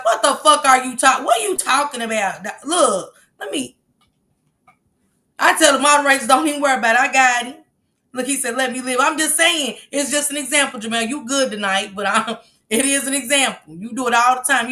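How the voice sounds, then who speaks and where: A woman's voice: high voice, a little fast, bright, forceful tone. A woman hosting a casual livestream, reading the chat aloud and bluntly scolding commenters. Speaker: livestream host.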